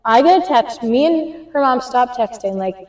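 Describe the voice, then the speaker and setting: A woman's voice: a little high, normal speed, far from the mic. A teenage girl rambling through a story in casual chat, heavy on fillers. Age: teens. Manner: rambling, filler-heavy, speeds up when excited. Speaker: co-host telling a story. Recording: echoey room, a bit off-mic.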